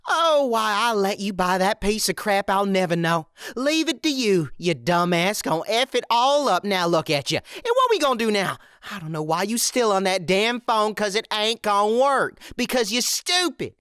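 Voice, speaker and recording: A man voicing a loud, abusive middle-aged woman who rants insults at her husband. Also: slow pace, hardly any pauses, clear, resonant tone, no room sound, clean studio sound. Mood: berating. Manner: shrill, insulting rant. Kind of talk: story reading with acted quotes.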